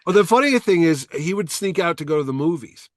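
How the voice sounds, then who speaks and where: A middle-aged man from Connecticut, a guest in a casual chat, telling animated stories and jumping into high voices when he quotes people. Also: a little fast, no echo, studio quality.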